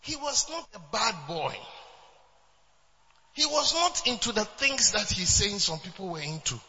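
A man's voice: sits high, big pitch swings, measured pace, bright, forceful tone, in a large hall, muffled recording. A man preaching a sermon as pastor, emphatic, with repeated refrains and bursts of laughter.

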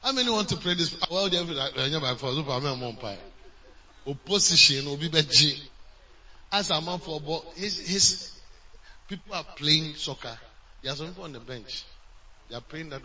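A male pastor, preaching a sermon and telling a story, swinging between loud and hushed, on a dull lo-fi recording. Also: a little high, expressive, moderate pace, recorded from a distance.

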